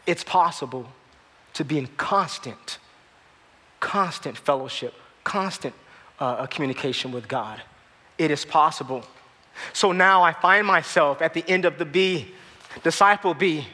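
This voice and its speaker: A man preaching a sermon to his church, passionate and swinging between loud outbursts and hushed moments. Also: fairly high pitch, measured pace, long pauses, in a large hall. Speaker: pastor. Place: church hall.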